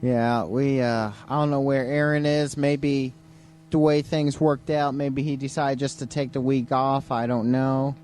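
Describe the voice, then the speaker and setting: A man's voice: medium pitch, little pitch movement, measured pace, darkish tone. A man co-hosting a late-night live stream, chatting casually and chuckling often, sounding tired. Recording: faint hum, compressed live stream.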